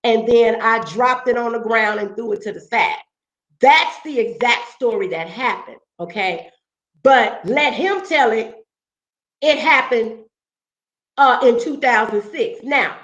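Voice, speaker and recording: A woman's voice: fairly high pitch, lively intonation, unhurried, fairly bright tone. A woman vlog host telling a story in a blunt, profane, confrontational way, often checking in with her listeners. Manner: blunt, profane, keeps asking "okay?". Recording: roomy echo, dull lo-fi sound.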